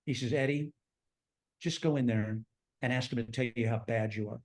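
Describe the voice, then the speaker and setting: This mid-range male voice moves at a moderate pace. He's a theme park designer in his sixties sharing life stories in an interview, lively and animated, performing the quoted dialogue of people in his anecdotes as part of the conversational storytelling.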